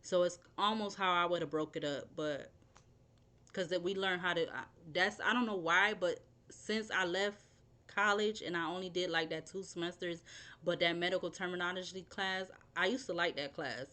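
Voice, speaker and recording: Young woman, low voice, tarot reader who wanders off track and spells words out, casual and unscripted. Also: moderate pace, bright, forceful tone. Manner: rambling, thinks aloud, spells words out.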